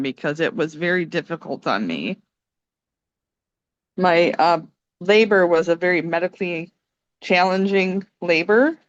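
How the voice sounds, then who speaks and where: A young woman calmly telling a personal story on a video call, gentle and laughing often. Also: lowish voice, no room sound, muffled recording. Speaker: meditation participant sharing a story. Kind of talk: casual spoken testimony on a video call. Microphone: phone camera on a video call.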